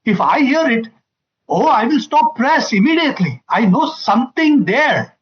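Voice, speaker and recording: A man addresses an audience in an emphatic talk, his voice high and swinging widely in pitch. He hammers home key phrases and acts out the lines he quotes. The recording sounds dull and muffled. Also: very animated, normal speed. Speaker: family seminar speaker.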